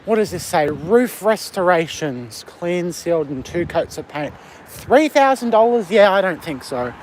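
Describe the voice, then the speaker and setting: A man's voice: fairly high pitch, expressive, normal speed, a little hiss or hum. A man with an Australian accent chatting on a live stream while walking outside at night, reading out and answering viewer comments on a phone mic. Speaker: livestreamer. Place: outdoors on a windy street at night.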